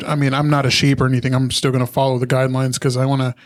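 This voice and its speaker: A man's voice: mid-range voice, level tone, racing. A man co-hosting a casual podcast, talking in a chatty, stumbling way with lots of restarts. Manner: chatty, stumbling, reads live chat aloud. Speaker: podcast co-host.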